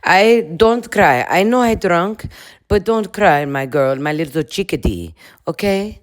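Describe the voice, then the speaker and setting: A woman's voice: lowish voice, expressive, unhurried, pitched above the performer's own voice. A woman voicing a tipsy young woman with a Russian accent who coos and soothes in broken English. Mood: consoling.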